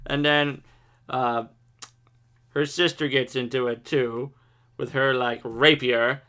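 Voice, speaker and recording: A man's voice: medium pitch, fairly even intonation, takes it slowly, pushed and bright, clear, resonant tone. A man giving a casual, irreverent episode recap of an anime, joking and swearing freely.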